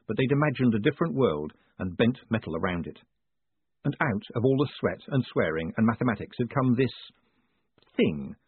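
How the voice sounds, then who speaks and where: A male audiobook narrator with a very husky, breathy voice and a lively, swooping delivery. The recording is thin and phone-like, and dry with no room sound. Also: lowish voice, dry recording. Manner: lively, expressive storytelling. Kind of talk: scripted narration.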